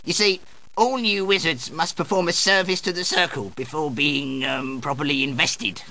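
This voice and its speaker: A man's voice: fairly high pitch, fairly even intonation, normal speed, creaky, pushed and bright. An actor playing a pompous older male wizard who hides behind a put-on West Country yokel accent, haughty and condescending. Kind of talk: computer game voice acting.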